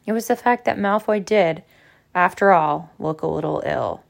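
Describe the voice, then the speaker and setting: Woman reading a novel aloud, steady, a bit of fry. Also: fairly low pitch, normal speed. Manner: steady reading with small slips. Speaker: audiobook reader. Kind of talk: book narration.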